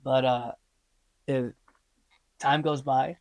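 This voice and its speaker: Animated man telling a story with fillers. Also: mid-range voice, slow pace, dry recording. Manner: animated, laughing, acts out quoted voices; many fillers like um and like. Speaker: interview guest, stunt performer and actor. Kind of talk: casual storytelling.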